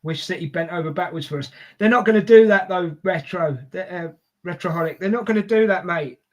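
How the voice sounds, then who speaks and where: Co-host, male, London accent, high-ish voice, casual live match banter and reading the chat. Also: a little fast. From Scotland. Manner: chatty, reads out viewer messages. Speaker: co-host of a football watchalong. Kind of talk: live football watchalong chat.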